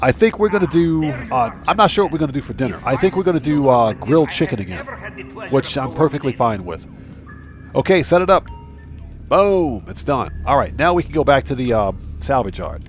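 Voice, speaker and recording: A man's voice: medium pitch, big pitch swings, fairly quick, soft background music. A man hosting a casual gaming live stream, chatting with viewers, thanking them by name and reading out their messages. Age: adult with a wife and child.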